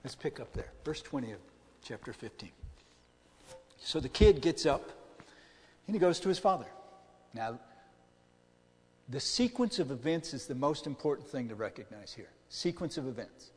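A man's voice: medium pitch, expressive, moderate pace, pauses often, darkish tone, big-room sound. A middle-aged male pastor preaching a conversational sermon, often asking the congregation questions.

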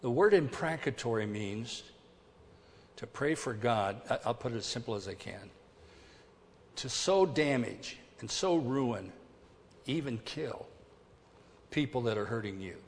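A male pastor delivers a sermon at an unhurried, measured pace. His preaching is emphatic and deliberate, moving between hushed and forceful passages. The voice carries a long, lingering reverb from a large church sanctuary. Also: medium pitch, animated. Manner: emphatic, deliberate preaching with dramatic swings in volume.

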